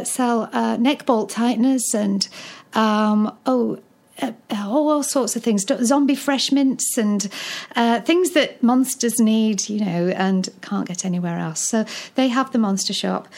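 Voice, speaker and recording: A woman's voice: fairly high pitch, a little slow, darkish tone. A woman, founder of a children's charity, talking eagerly in an interview with frequent ums and restarts. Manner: enthusiastic, hesitant with many fillers and restarts. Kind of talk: conversational interview.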